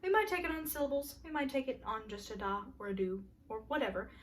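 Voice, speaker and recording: A young woman casually explaining vocal warm-up exercises in a music lesson, chatting with fillers and singing short solfege drills. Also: sits high, fast, distant mic, a little hiss or hum. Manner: relaxed and conversational, many fillers, breaks into sung solfege drills. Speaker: music student presenting a class project. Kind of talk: casual spoken lesson with sung demonstrations.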